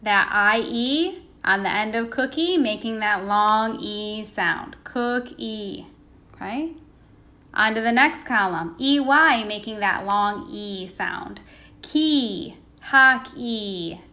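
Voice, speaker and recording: A woman teaching a recorded phonics lesson to young children, sounding out words slowly and patiently, asking questions and waiting for answers. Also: mid-range voice, expressive, sharp tone. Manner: slow, sounding out words letter by letter.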